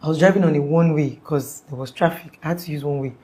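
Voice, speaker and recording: Low-voiced Nigerian woman telling her story. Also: quick pace, mellow. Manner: rambling and conversational, with frequent "like" fillers and restarts. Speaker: interviewee. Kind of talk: casual spoken account.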